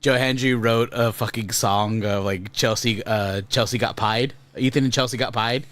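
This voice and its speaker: Male podcast host, mid-pitched, rambling, laughs through his stories. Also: steady tone, normal speed, fairly bright tone, dry recording. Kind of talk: casual podcast chat.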